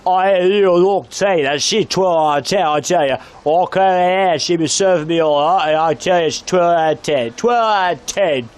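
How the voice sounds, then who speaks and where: A man's voice: sits high, moderate pace, few pauses, clear, resonant tone, lightly acted. A man impersonating a big drunk pub regular who rambles with slurred praise, outdoors by a pub. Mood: drunken praise.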